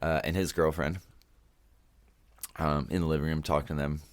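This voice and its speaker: A man's voice: very deep voice, level tone, moderate pace. A man from Canada, a podcast guest telling a story casually, rambling and swearing freely with many restarts.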